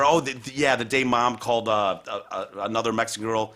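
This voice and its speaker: A man's voice: mid-range voice, fairly quick. A man hosting a podcast in casual chat, telling a story full of swearing and acting out the people in it. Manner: profane, animated storyteller who acts out people he quotes. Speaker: podcast host.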